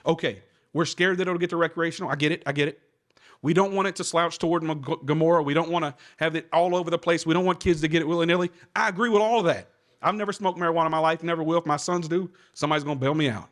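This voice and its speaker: A male state legislator speaking earnestly on a panel, telling stories to argue his case. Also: a little high. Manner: fast, earnest storytelling. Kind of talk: panel discussion.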